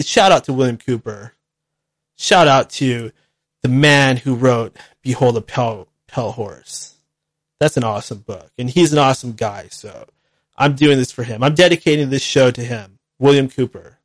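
A man's voice: mid-range voice, dry recording. A man hosting a call-in talk show alone, speaking bluntly and at length, repeating himself as he rants. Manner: blunt, ranting, repetitive. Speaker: radio show host. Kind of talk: solo call-in show monologue.

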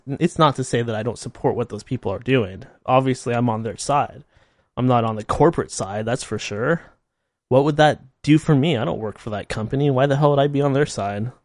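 A man's voice: medium pitch, no room sound, clean studio sound. Man ranting with rhetorical questions. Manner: rhetorical questions, blunt and sarcastic. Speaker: commentator. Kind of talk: opinionated monologue rant.

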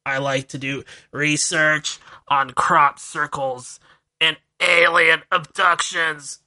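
A man doing an impression of an older woman paranormal researcher with a scratchy voice and a slow, drawn-out, mock-serious delivery. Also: fairly high pitch, steady tone, sharp tone, exaggerated voice.

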